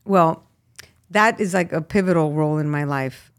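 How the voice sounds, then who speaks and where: A middle-aged woman from Miami, a guest actress, chatting casually in an interview and telling animated stories with frequent laughs. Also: low-pitched, moderate pace. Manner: animated storyteller, laughs often, lively asides.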